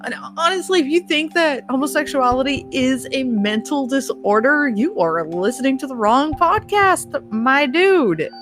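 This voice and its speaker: A woman's voice: sits high, animated, normal speed, few pauses, fairly bright tone. A woman hosting a solo podcast, ranting bluntly with heavy swearing and laughing at her own points. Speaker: podcast host. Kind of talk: casual solo podcast rant.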